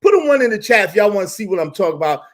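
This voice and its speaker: Animated, high-voiced man hosting a live stream. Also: racing. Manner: animated, repetitive, slangy storytelling. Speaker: YouTube live stream host. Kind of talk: casual live-stream commentary.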